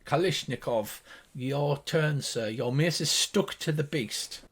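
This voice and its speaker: A man's voice: on the high side, slow, husky. An older man running a tabletop game as game master, narrating in vivid detail with fillers.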